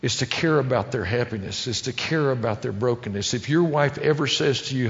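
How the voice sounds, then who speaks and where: A middle-aged male preacher with a gravelly edge, telling homespun family stories. He moves between strong, emphatic lines and hushed, tender ones. The sound is a little dull, with a long reverb from a big church hall. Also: medium pitch, moderate pace, hardly any pauses. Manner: folksy storytelling, emotional, shifts between loud and hushed. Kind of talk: sermon.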